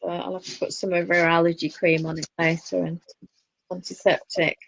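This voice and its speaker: A woman's voice: on the low side, little pitch movement, a little fast, vocal fry, a bit bright, slight background noise. A woman with a Northern English accent co-hosting a casual chat, opinionated and chatty with laughing asides. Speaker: podcast co-host. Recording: dull lo-fi dry sound.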